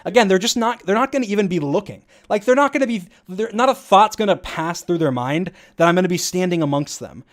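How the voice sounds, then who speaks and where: A man casually commentating over his own gameplay footage, rambling fast with lots of fillers and frequent laughs. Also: high voice, expressive.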